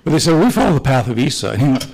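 This retired missionary priest, an older man teaching Sunday school, races through his stories in a sing-song, mid-range voice that's a little mellow. He rambles anecdotally to the church class and voices the dialogue as he quotes it. The recording is rough.

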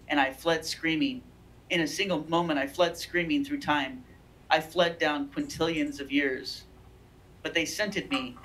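A woman's voice: sits low, fairly bright tone, rough recording. A woman reading aloud the lines of a frantic, haunted man who is terrified of unseen horrors, voiced close to her own natural voice.

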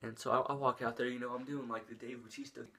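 Young man, casual story-time vlog, rambling, filler-heavy, mid-pitched voice, acts out moves as he talks. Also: flat delivery, fast talker, vocal fry, very noisy. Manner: rambling, full of "like" and restarts; shows moves with his hands as he talks.

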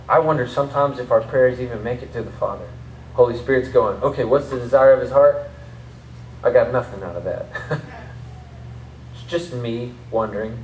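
A pastor with a Southern accent preaches a conversational sermon full of laughing asides, at a church service held in a rented martial arts academy space. His voice is a little high and a little mellow. The roomy hall audio is recorded from a distance, with slight background noise.

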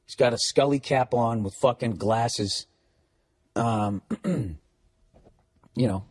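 A man, a comedian, telling a story as a profane, animated rant. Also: mid-range voice, slow pace, husky.

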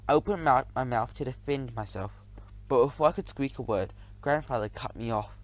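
Lively male audiobook narrator. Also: medium pitch, brisk. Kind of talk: first-person storybook narration.

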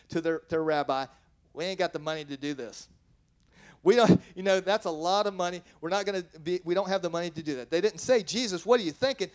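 Man, pastor, sermon, earnest delivery, self-correcting, a bit high-pitched. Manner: reads scripture aloud, then explains it.

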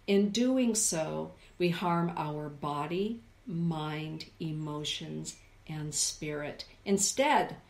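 A woman hosts a live spiritual stream, speaking in a somewhat low voice. She reflects aloud and addresses her viewers by name. The sound carries a roomy echo from the indoor space. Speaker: host reading oracle cards for live chat viewers. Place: indoor room with a forest view.

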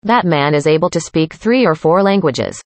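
Lady reading lines for conversation practice, lowish voice, dry close sound. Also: animated, normal speed, a little mellow, dry recording. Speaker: dialogue reader.

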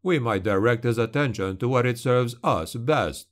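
A man voicing a calm, sinister male shadow creature for an audiobook, hissing and slow. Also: mid-range voice, lightly acted. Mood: cold menace.

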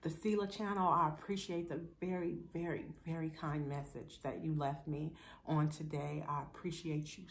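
A woman's voice: low voice, fairly even intonation, normal speed, slight background noise. A middle-aged woman chatting affectionately and playfully to camera as a vlogger. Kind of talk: casual chat to camera.

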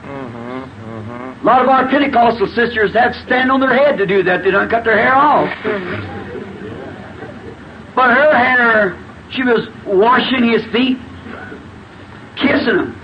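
A man preaching a fervent, emphatic sermon in a church, breaking into shouts, with the congregation calling back. He is heard on a dull old tape with faint hiss. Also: very high voice, expressive, takes it slowly, long pauses. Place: church before a responding congregation.

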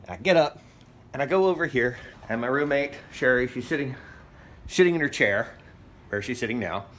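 A man's voice: mid-range voice, expressive, brisk, fairly bright tone. A man vlogging a casual first-person story at home, rambling and plain-spoken with many fillers. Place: his apartment and building, walking around.

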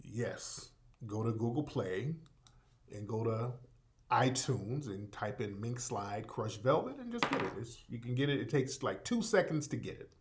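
A man's voice: mid-range voice, very animated, a little slow, a little hiss or hum. A man hosting a live radio-style broadcast, talking loosely to listeners and repeating himself, often calling them family. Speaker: radio show host. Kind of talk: casual live broadcast talk.

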